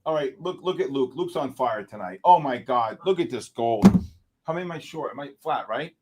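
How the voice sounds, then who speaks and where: A man hosting a live trading stream, giving excitable, exclamatory market commentary and calling out viewers by name. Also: mid-range voice, brisk, slightly rough.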